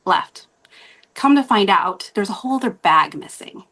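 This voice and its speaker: Casting: woman, guest host on a podcast, mid-pitched, chatty and rambling storyteller who laughs often. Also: expressive, normal speed, fairly bright tone.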